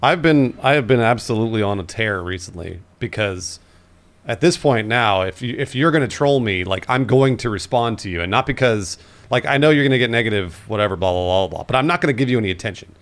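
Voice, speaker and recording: A man in his thirties co-hosting a podcast, telling his own stories in an earnest, animated casual chat. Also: on the low side, quick pace. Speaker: podcast co-host.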